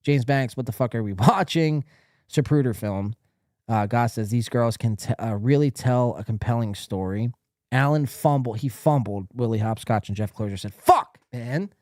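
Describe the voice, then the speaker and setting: A man's voice: mid-range voice, normal speed, dark tone, no room sound, studio quality. A man hosting a live stream podcast, ranting casually in a blunt, profane, rambling way.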